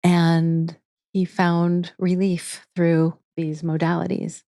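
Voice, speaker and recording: Earnest, mellow-voiced woman guest. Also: lowish voice, level tone, slow, no room sound, studio quality. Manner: earnest, with frequent restarts. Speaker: guest, integrative therapy teacher. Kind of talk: casual interview talk.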